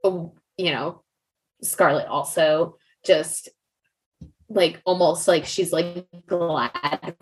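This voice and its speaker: A woman's voice: fairly low pitch, fairly even intonation, extremely slow, poor audio. A woman co-hosting a podcast, chatting casually about a book and rambling with lots of "like" fillers. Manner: rambling, heavy use of "like" fillers. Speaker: podcast co-host. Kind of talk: casual book discussion chat.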